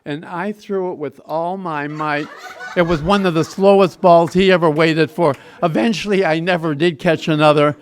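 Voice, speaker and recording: High-voiced man, animated storyteller. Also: normal speed. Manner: animated, self-mocking storyteller who laughs and swears. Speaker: guest speaker at a recovery meeting. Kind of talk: personal recovery story, told to a group.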